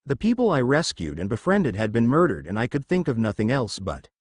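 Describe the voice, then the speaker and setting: A man voicing a remorseful young woman with a thirst for blood, confessing haltingly in his own reading voice. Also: mid-range voice, wildly swooping pitch, a little mellow, dry recording, clean studio sound. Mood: ashamed.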